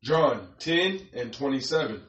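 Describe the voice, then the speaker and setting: A man reading scripture aloud in a measured, plain and steady way. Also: mid-range voice, roomy sound, a little hiss or hum. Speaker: scripture reader.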